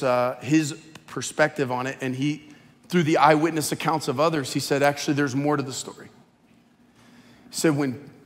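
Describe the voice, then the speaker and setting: A middle-aged male pastor preaching a sermon in a large church auditorium, impassioned and conversational, at times dropping very quiet. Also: mid-range voice. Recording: echoey reverb of a large hall.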